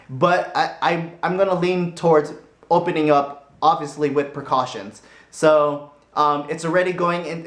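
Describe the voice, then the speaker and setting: Brief: chatty male vlogger, fairly high voice, roomy echo around him. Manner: rambling, animated, laughs easily. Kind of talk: casual opinion vlog. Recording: roomy echoey room.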